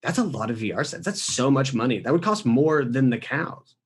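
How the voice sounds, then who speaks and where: A man's voice: mid-range voice, animated, brisk, husky. Rambling crude-joking podcast man. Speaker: podcast co-host. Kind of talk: casual comedy podcast chat.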